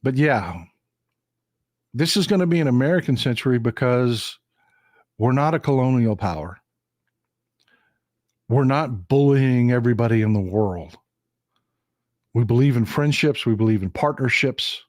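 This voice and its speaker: A Texan man with a medium-pitched, slightly mellow voice delivers a casual political monologue on his live stream, animated but a little slow with long pauses. He's emphatic and repetitive, often calling viewers folks, and the dry recording is studio quality.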